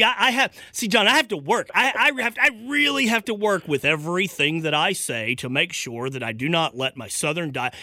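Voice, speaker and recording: A man hosts a relaxed sports radio talk show in a bright, slightly high voice. He is chatty and self-deprecating, and often restarts his sentences. The studio sound is dry and close. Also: no room sound.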